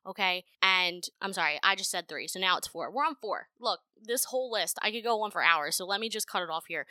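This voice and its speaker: Young adult woman podcast host, dry close mic, brash, profane, loud bursts of emphasis. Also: mid-range voice, a little fast, no echo. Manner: blunt, profane and animated, with frequent laughter. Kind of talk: casual solo podcast monologue. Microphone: home podcast microphone.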